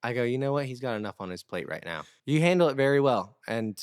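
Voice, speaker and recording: A man tells a family story on a podcast in an animated way, acting out the quotes as he goes. His voice is smooth and resonant at a middle pitch. It is recorded close to the mic in a dry room. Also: quick pace, dry recording. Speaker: podcast regular. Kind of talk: casual storytelling chat.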